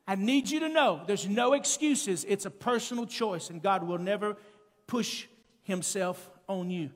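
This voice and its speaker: A male preacher delivering an emphatic sermon, calling out to the congregation and building up to shouted peaks. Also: high-pitched, a little slow. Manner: calls to the congregation. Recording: long church-hall reverb.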